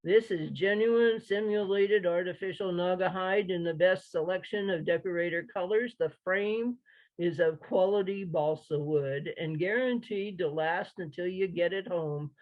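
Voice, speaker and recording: A woman's voice: on the low side, measured pace, dry recording, natural voice. A woman reader voicing a dull male furniture salesman who drones through his sales patter. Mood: deadpan. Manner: droning, sleep-inducing patter.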